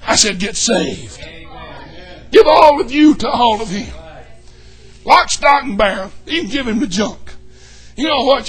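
A man preaching a fervent, folksy sermon in a church, shouting and whooping as he jokes with the congregation. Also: sits high. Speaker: pastor.

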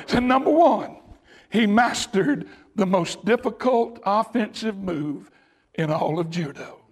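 High husky shouting preacher man. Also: lively intonation, takes it slowly. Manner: shouting, storytelling with sudden bursts. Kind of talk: sermon.

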